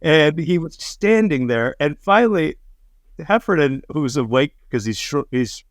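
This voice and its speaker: A middle-aged man co-hosting a podcast, telling animated, profane anecdotes in casual chat and acting out the quotes. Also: fairly high pitch, a little slow, no echo, studio quality. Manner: animated anecdotes, swears freely, acts out quotes. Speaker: podcast co-host.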